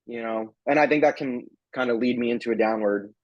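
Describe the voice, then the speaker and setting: A man's voice: mid-range voice, brisk, highs cut off. A man in a sales training group, reflecting on how he sounds and demonstrating his own delivery. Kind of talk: casual group discussion.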